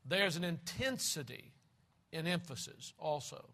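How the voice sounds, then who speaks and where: A man's voice: on the high side, lively intonation, a little slow, vocal fry, sharp tone. An older man preaching a sermon, opening with an earnest prayer and then teaching from scripture with emphatic delivery.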